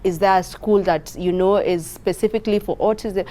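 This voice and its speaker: A woman's voice: mid-range voice, steady tone, normal speed, dark tone. A woman hosting an interview, listening closely and asking follow-up questions. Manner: attentive, asks follow-up questions. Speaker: host.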